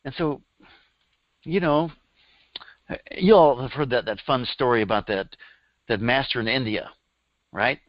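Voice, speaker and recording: A man's voice: medium pitch, measured pace, pauses often, no echo. Middle-aged male workshop teacher, conversational storyteller, dry dull lo-fi recording. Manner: chatty storytelling, laughs at his own stories. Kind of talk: live workshop talk. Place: room with a live audience.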